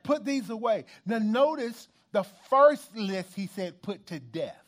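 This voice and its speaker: A man preaching a sermon in church, emphatic and animated, repeating phrases and bantering with the congregation. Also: sits high, measured pace. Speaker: pastor.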